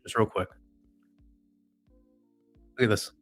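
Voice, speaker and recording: A man's voice: slow pace, fairly bright tone, dry recording, faint music behind. A man host ranting in profane, sarcastic casual talk to a live chat audience. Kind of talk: casual rant to a livestream chat.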